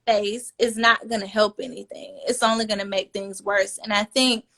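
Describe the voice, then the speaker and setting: A woman speaking as a fertility coach in a casual podcast conversation, earnest and personal, growing animated when she quotes other people. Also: mid-range voice, normal speed.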